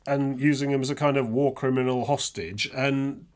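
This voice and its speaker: A man's voice: mid-range voice, steady tone, moderate pace. A man chatting casually about a game he plays, rambling with many restarts and dry sarcastic asides. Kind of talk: casual gaming chat.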